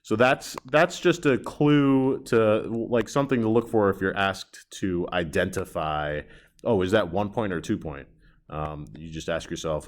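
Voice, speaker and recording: A man's voice: deep voice, steady tone, measured pace. A man teaching a recorded drawing lesson, chatty and self-deprecating, reacting aloud to his own sketches as he works.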